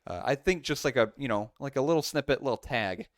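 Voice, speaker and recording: A man's voice: medium pitch, lively intonation, brisk, no room sound, studio quality. A man co-hosting a casual podcast, rambling through his thoughts with lots of fillers and restarts. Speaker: podcast co-host.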